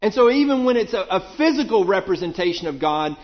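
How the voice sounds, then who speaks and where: A man preaching a Bible sermon, asking questions and dropping low to answer them. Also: sing-song, brisk, dull audio.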